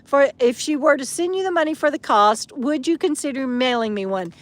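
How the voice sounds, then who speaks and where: Woman, higher-pitched, casual live-chat host outdoors, reading comments with lots of fillers. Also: animated, brisk. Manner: chatty, reads viewer comments aloud with fillers. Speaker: vlogger answering live chat.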